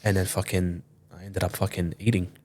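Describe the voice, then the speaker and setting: A man's voice: low-pitched, flat delivery, brisk, darkish tone. A man in his twenties, a podcast guest telling a story casually, swearing often and acting out what others said. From Sydney, Australia. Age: 20s. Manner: loose, swears often, acts out quoted dialogue.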